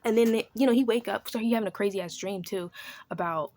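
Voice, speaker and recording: Casual book vlogger, a woman with AAVE, animated and profane, voices the characters as she recaps. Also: medium pitch, a little fast. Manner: animated, swears freely, acts out characters' lines.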